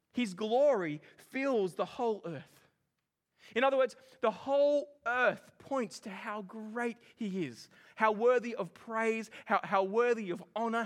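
Brief: New man preaching, high pitch, animated delivery with quick jokes. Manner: animated and joking, with lively emphasis. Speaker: pastor. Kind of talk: sermon.

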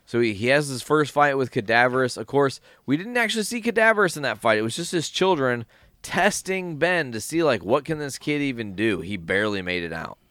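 A man hosting a podcast in casual chat, animated and profane, often acting out quoted lines. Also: medium pitch, fairly quick, no room sound. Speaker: podcast host.

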